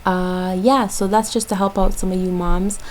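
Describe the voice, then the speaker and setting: A woman's voice: mid-range voice, little pitch movement, normal speed, darkish tone, a little hiss or hum, low-quality recording. A young woman from Jamaica, a mother, giving parenting tips in a casual, chatty vlog with lots of ums and likes.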